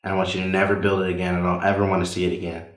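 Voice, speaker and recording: A man voicing his stern, alarmed mother who gives sharp orders. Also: low voice, monotone, racing, echoey room, close to an everyday voice.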